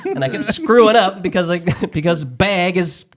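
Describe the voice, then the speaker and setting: A man's voice: sits high, lively intonation, normal speed. A man in casual podcast chat, joking, laughing, and swearing.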